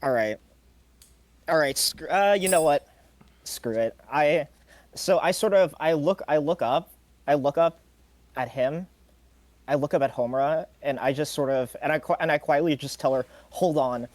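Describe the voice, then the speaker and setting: A man's voice: fairly high pitch, normal speed, pauses often. A man playing a tabletop game, restarting his sentences and swearing often. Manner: stammering restarts, frequent swearing. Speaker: player.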